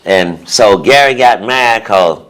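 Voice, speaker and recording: A middle-aged man telling a locker-room story on a podcast, animated and profane, laughing and acting out what people said. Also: on the low side, slow. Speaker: former basketball player, guest.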